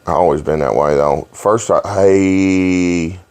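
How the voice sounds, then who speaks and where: A man hosting a podcast, telling rowdy stories in a profane, animated way and laughing along. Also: sits low, takes it slowly, smooth. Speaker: podcast host. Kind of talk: casual storytelling chat.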